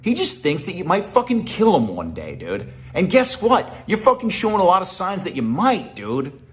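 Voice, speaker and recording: In a high voice with huge swings in pitch and a moderate pace, a young man rants angrily at someone. He's a YouTuber reacting to a video, heated and profane, mocking the other person and repeating "dude" again and again.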